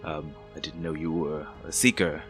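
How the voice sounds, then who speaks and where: A man's voice: rumbling low, level tone, normal speed, fairly bright tone, soft background music. A man doing a stammering tiefling guard. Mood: obliging. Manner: hesitant, stammering. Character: male tiefling gate guard, wary then obliging.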